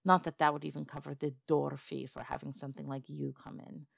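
A woman's voice: sits low, level tone, fairly quick, gravelly, no room sound, clean studio sound, exaggerated voice. A woman voicing a haughty, condescending female sea-creature madam in a listener role-play audio. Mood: sultry. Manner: sultry, condescending, purring.

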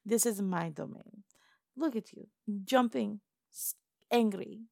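Woman playing a female sea-creature madam, sultry, condescending, gravelly undertone, dry close sound, role-play audio. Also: low-pitched, moderate pace, no echo, heavily acted. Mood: mocking.

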